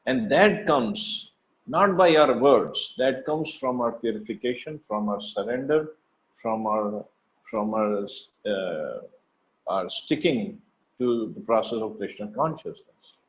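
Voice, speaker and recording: A man's voice: fairly low pitch, lively intonation, slow, low-quality recording. A man giving a devotional scripture lecture as a class teacher, speaking earnestly and emphatically, often restarting and repeating phrases.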